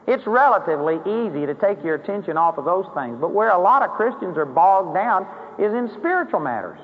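A man's voice: high-pitched, very animated, a little fast, long reverb tail. A man preaching a sermon in a conversational way, rising into emphatic acted prayers. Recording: dull, hollow-sounding sermon recording with faint hiss.

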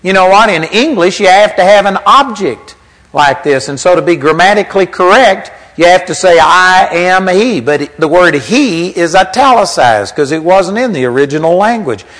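Guy preaching a sermon, easy conversational teaching tone, reads out bible verses, slightly high voice. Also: lively intonation, moderate pace, fairly bright tone, low-quality recording.

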